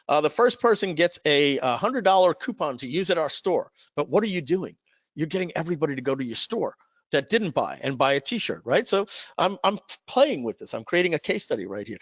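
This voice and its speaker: Lively chatty male webinar host. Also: a little high, dry recording, muffled recording. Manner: chatty, salesy, storytelling with asides. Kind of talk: live webinar presentation.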